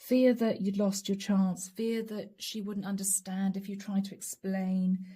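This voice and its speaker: Woman tarot reader, middle pitch, warm mellow tone, chatty, addresses the viewer directly. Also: level tone, measured pace. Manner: chatty, laughs often, talks straight to the viewer. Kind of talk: casual tarot reading.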